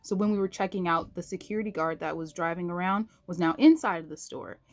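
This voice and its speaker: A woman telling a personal faith story to her viewers in a casual, animated way, acting out the quoted voices. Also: quick pace. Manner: animated, acts out quoted voices with big pitch jumps; talks to viewers directly, uses "y'all". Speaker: vlogger sharing a faith story.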